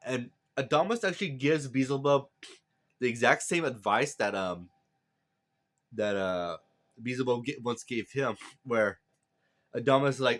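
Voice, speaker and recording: A man's voice: mid-range voice, unhurried, long pauses, a bit bright. A man casually recapping a manga chapter, talking loosely and paraphrasing the characters in his own voice. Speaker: manga breakdown host.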